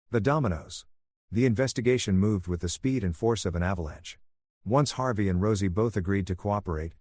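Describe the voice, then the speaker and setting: A man narrating a dramatic story in an even, steady read. His voice sits on the low side. The recording is close and dry, with no room sound. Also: no room sound. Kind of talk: scripted narration.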